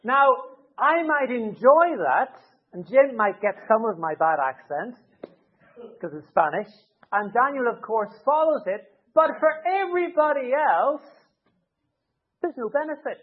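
A man's voice: very high-pitched, animated, measured pace, husky. A man preaching a conversational sermon from the pulpit, explaining his points with everyday hypothetical scenarios. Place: church. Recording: tinny narrow-band sound.

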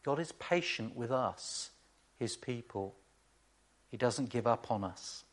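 A man preaching a sermon to a congregation, at a pitch in the middle for a man. He keeps it conversational, tossing in rhetorical questions and wry asides between points. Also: expressive, takes it slowly.

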